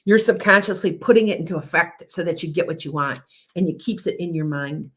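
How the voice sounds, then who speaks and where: Woman, psychic podcast host, low-pitched, casual rambling chat, repeats herself, answers viewer comments. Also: fairly quick, a bit bright. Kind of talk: casual live-stream chat.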